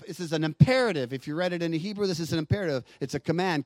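A pastor delivering a sermon in a fairly high voice, swinging between hushed, intimate passages and loud, emphatic declarations. He calls out to his congregation for responses. The sound is dry, with no room reverb. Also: lively intonation, racing, hardly any pauses.

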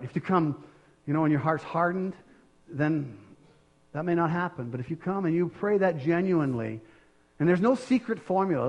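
An older man delivers a sermon in a casual, earnest way, often restarting his sentences. His voice sits high for a man. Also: highs cut off. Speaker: preacher.

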